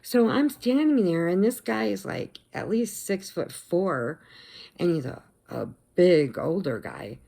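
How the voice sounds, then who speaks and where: Low, gravelly-voiced woman vlogger. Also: a little slow. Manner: chatty, animated retelling with acted quotes. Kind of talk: casual storytelling vlog.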